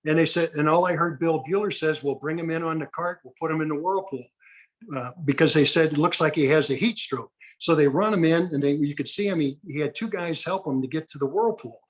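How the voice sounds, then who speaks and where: Speaking fairly quickly in a fairly high voice, a retired baseball pitcher in his sixties entertains as a guest with anecdotes. He brings his stories alive by acting out the people he quotes.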